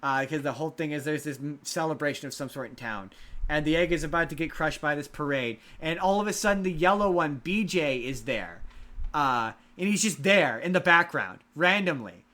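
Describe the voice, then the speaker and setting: A man's voice: a little high, animated, a little fast, bright, forceful tone. A man hosting a casual podcast, animatedly retelling a story and acting out the characters' lines. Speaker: podcast host.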